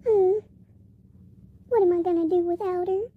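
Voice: extremely high pitch, fairly even intonation, moderate pace, phone-quality sound. A performer voicing a sad loser male mall cop stuck in a bunny suit, in a whiny, self-pitying, pleading game role-play story voice, often near tears. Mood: mopey, weepy.

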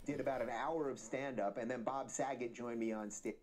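A man's voice: mid-range voice, steady tone, a little fast, a little mellow, a little hiss or hum. A man in a played clip making an upbeat promotional announcement to his viewers. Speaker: podcast host in a played clip.

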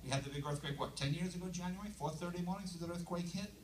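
A man doing a live stand-up routine with an animated, punchy delivery and sudden shouts, recorded from a distance in an echoey live venue with a loud crowd. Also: sits high, rapid-fire, noisy background. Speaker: stand-up comedian.

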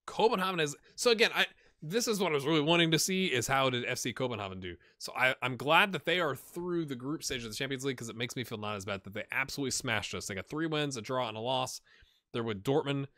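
A man hosting a let's-play video, chatting casually and thinking aloud as he plays, getting excitable when things go well. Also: mid-range voice, quick pace, dry recording, studio quality. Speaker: gaming channel host.

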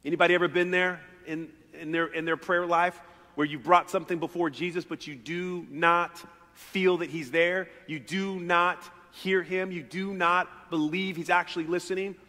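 A male pastor preaching a sermon in a conversational, animated way, often repeating words as he builds his points. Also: high voice, moderate pace. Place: church sanctuary. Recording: reverberant church hall.

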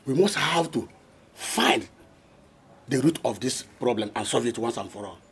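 An actor with a Nigerian accent playing a community elder who urges calm in a film drama. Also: male voice, medium pitch, normal speed, slight background noise. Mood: placating. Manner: soothing, urging patience. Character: calming male community elder.

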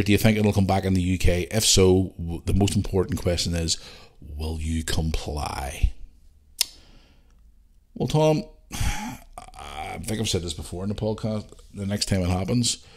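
A man hosting a podcast, chatting casually and bluntly while reading out listener messages. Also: low voice. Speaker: podcast host.

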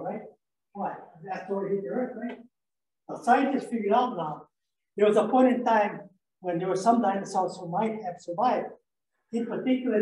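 A man's voice: high voice, darkish tone. A man giving a playful, rambling classroom lecture, quizzing his listeners and telling jokes. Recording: echoey room, mic far off.

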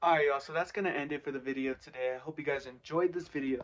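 A man chatting casually to his viewers in a vlog, loose and relaxed with slang. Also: medium pitch, fast talker, lo-fi sound. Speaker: vlogger.

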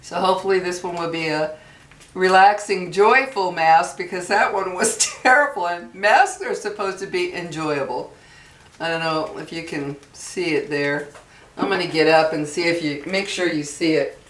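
A woman chatting casually to camera in a product review vlog, folksy and drawn-out on her emphasis. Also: fairly low pitch, fairly bright tone. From New Mexico. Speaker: beauty vlogger. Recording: echoey room, far from mic.

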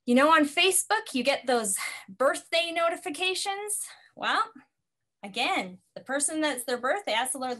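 A woman's voice: high-pitched, animated, moderate pace, bright, forceful tone. A woman ministry facilitator giving an earnest teaching talk, telling personal stories and quoting her own prayers.

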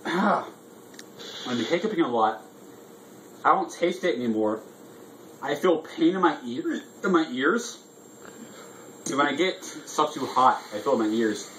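A man's voice: fairly high pitch, big pitch swings, a little slow, fairly bright tone, slight background noise, poor audio. A drunk man hosting a casual vlog, rambling loosely and swearing freely. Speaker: vlog host. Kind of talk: casual chat.

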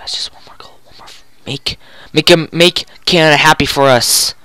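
A gamer giving goofy, excitable commentary while playing a hockey video game, groaning and yelling at each play. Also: mid-range voice, moderate pace, smooth.

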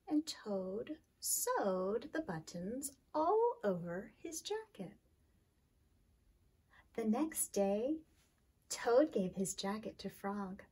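A woman reading a children's storybook aloud in a slow, expressive way. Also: fairly high pitch, breathy edge.

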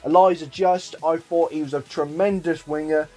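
A young man giving excited commentary on his own football video game match, swinging between mock commentator lines and exasperated, mildly sweary outbursts. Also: a little high, moderate pace, soft background music. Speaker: gaming YouTuber.

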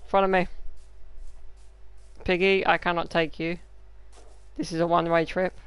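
Excitable male gamer, gravelly, smooth delivery. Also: fairly high pitch, normal speed, dry recording. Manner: playful, excitable, joking. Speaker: gaming YouTuber. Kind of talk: live gameplay commentary.

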